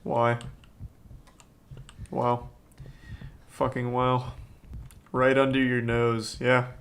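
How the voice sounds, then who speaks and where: Slow, deadpan man reacting to horror game. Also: mid-range voice. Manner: deadpan and sarcastic, with sudden startled yelps. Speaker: gaming streamer. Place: home streaming setup on webcam.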